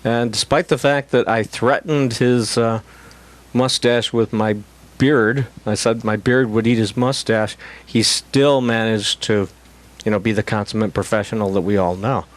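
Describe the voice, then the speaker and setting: A middle-aged man, a guest actor, chatting casually on a talk show with wry, deadpan self-mocking humor. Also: lowish voice, unhurried. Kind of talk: casual chat.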